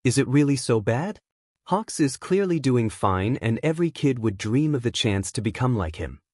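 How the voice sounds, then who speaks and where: A sleazy male reporter pushes with needling questions, played by a man reading a story. The voice stays at a middle male pitch. The recording is dry and close. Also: sing-song, moderate pace, a little mellow, dry recording.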